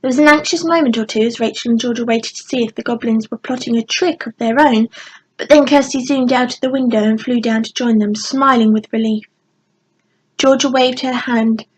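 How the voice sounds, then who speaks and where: A woman narrating a children's storybook in a gentle, expressive bedtime reading. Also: a little high, normal speed, slightly rough, low-quality recording. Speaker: audiobook narrator.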